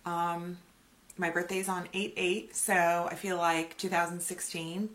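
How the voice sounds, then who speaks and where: A woman's voice: fairly low pitch, measured pace. A woman in her forties, a beauty vlogger talking casually and animatedly to her viewers. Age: 40s. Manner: chatty, animated, acts out quoted voices. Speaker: beauty YouTuber. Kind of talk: casual chatty vlog.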